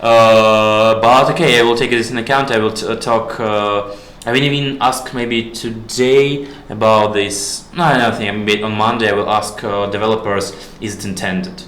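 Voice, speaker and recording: A man with a Russian accent hosts a casual stream, asking questions with lots of fillers. His voice is slightly low but bright and forceful. The room around him is echoey. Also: steady tone, normal speed. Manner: hesitant, filler-heavy, asks questions. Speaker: stream host. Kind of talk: casual dev stream chat.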